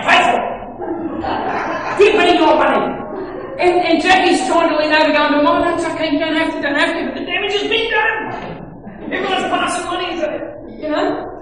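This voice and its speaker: A man's voice: extremely high pitch, a bit bright, slight background noise. A man preaching a conversational, storytelling sermon in church. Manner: storytelling, conversational, builds in energy. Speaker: worship leader and preacher. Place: church hall. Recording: echoey hall, from far off.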